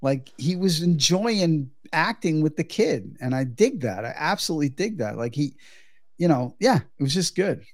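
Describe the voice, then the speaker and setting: A man co-hosting a casual movie podcast, enthusiastic and quick to agree. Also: fairly high pitch, big pitch swings, no room sound, studio quality. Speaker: podcast co-host.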